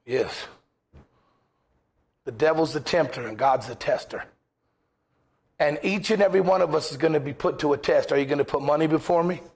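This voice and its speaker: A man's voice: a little high, normal speed, long pauses, husky. A man preaching a sermon as pastor in a church, impassioned, firing rhetorical questions and acting out quoted voices.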